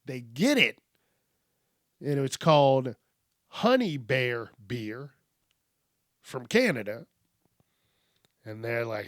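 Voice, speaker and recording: A man's voice: mid-range voice, very animated, slow pace, pauses often, dry recording, clean studio sound. A male podcast host riffing casually on news stories, joking and swearing freely. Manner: profane, joking, rhyming asides.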